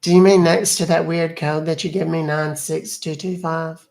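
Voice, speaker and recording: A man's voice: fairly high pitch, level tone, moderate pace, vocal fry, darkish tone, pitched above the performer's own voice. A man voicing a fussy older lady on a phone call, sassy and talking down to the caller as "honey". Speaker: scambaiter. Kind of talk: prank call role-play.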